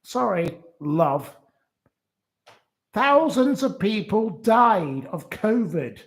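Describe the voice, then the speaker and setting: A man hosting a solo news commentary with a fairly high voice. He talks at an unhurried, deliberate pace, and his delivery is indignant and scornful, full of insults. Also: sing-song. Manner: reads out quotes and then rebuts them. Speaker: host.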